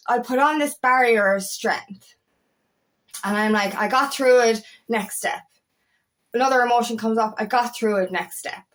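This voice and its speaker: Candid high-voiced woman vlogging. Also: fairly bright tone. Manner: rambling and candid, swears, frequent restarts. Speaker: empowerment coach. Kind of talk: candid personal vlog monologue.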